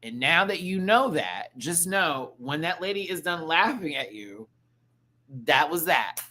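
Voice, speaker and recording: A man hosts a live stream, chatting in a casual, animated, campy way while reading the chat aloud and mimicking people. His voice is on the high side and unhurried.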